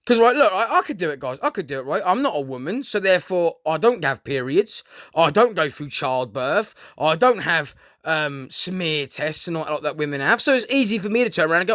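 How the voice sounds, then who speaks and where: A man with a notably high voice talks straight to his viewers in a loose, meandering rant. He swears freely and keeps checking in with "guys" and "right?". The sound is close and dry, with no room echo. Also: big pitch swings, moderate pace, a bit bright. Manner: rambling, heavy swearing, keeps addressing listeners as "guys". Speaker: vlogger. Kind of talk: casual unscripted monologue to camera.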